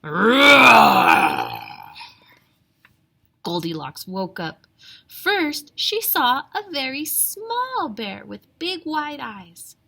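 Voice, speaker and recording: A woman teacher reading a storybook aloud to young children, animated, with whispered asides. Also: sits high, slow pace, creaky.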